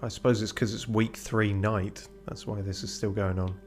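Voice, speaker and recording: A man's voice: fairly low pitch, level tone, moderate pace, a little mellow, faint music behind. A man streaming a game, making dry, muttered asides with some swearing. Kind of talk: casual let's-play commentary.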